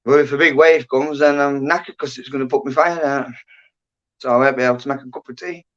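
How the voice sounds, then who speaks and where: A man's voice: mid-range voice, fairly even intonation, fairly quick, fairly bright tone. A man, chatting casually and rambling on a livestream, often trailing off into mumbles. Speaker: livestream host. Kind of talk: casual chat. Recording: dull lo-fi stream audio.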